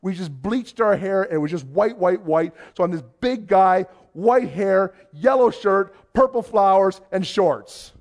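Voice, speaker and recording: A Canadian youth pastor telling a story in a sermon, acting out the voices of the people in it. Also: male voice, sits high, measured pace, few pauses. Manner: animated storyteller, acts out quoted voices.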